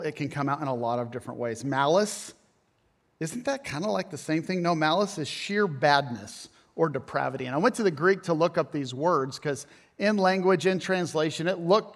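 Loud, animated pastor in a reverberant hall. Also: male voice, a little high. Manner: loud, animated storytelling with a self-mocking humor. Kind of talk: sermon.

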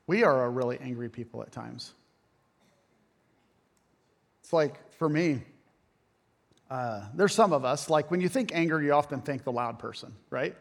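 A man in his thirties preaching a sermon, loud and animated, telling stories with self-mocking humor. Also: medium pitch, a little slow, creaky, pauses often. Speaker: pastor. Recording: long hall reverb.

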